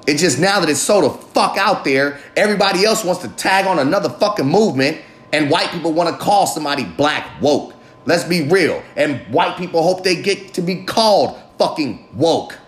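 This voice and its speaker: A man's voice: animated, moderate pace. Profane rambling man podcasting in echoey room. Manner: profane, rambling, swings between loud and low mutters. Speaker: podcast host. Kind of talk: casual monologue podcast.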